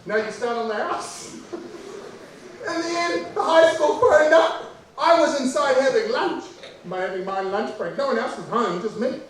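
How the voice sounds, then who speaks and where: A man with a New Zealand accent tells a funny story on stage, acting out each character as he goes. His voice sits high and bounces around a very echoey room. He is picked up from a distance, with faint noise behind him. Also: measured pace. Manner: animated, acts out voices of people in his story. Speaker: comedian. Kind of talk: stand-up storytelling.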